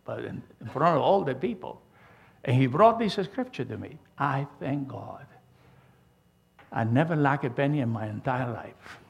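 Older preacher man, gravelly and animated. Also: mid-range voice, moderate pace. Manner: emphatic preaching with a storytelling style, frequent restarts. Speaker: pastor. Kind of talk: sermon.

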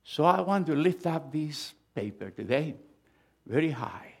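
A middle-aged male pastor delivers a sermon, alternating between loud, emphatic outbursts and quiet asides. His voice runs on the high side with wide pitch swings, a slow pace and vocal fry.

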